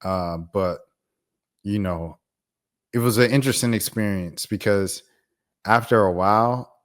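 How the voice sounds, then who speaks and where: Laid-back young man, lowish voice. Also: measured pace. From United States. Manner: laid-back, reflective, conversational. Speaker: vlogger. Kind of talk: casual commentary to camera.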